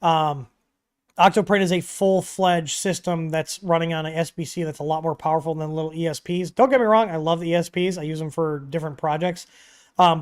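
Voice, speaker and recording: A man hosting a casual livestream Q&A, talking in a relaxed, chatty way with frequent ums and asides, from a home studio. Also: a little high, smooth. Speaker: livestream host answering 3D printer questions. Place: home studio with dogs nearby.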